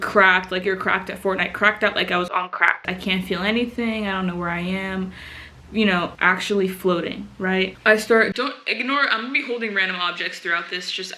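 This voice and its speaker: A young woman with a mid-range voice tells a rambling storytime to her camera. She is animated and laughs often, swears freely and corrects herself mid-sentence as she drifts into tangents. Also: medium pitch. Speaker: vlogger. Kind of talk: casual storytime monologue.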